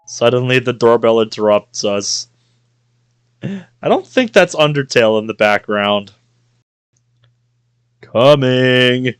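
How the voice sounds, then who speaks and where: A man reading a visual novel aloud on a live stream, dropping in playful asides and jokes. He takes his time, and his pitch swings a lot as he talks. Soft guitar music plays underneath. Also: animated, takes it slowly, long pauses, smooth, no echo. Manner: playful, reacts with jokes and laughter.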